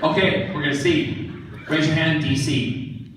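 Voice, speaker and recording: A man answering fans' questions at a convention panel, joking and animated. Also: a little high, unhurried, pauses often, distant mic, noisy background. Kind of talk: casual Q&A with fans. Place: large convention hall. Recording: echoey hall, mic from afar.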